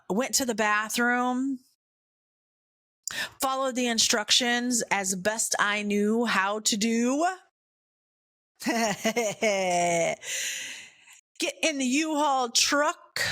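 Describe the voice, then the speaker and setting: A woman podcast host telling a candid, humorous personal story in an animated way. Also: on the high side, very slow, long pauses, dry recording, clean studio sound.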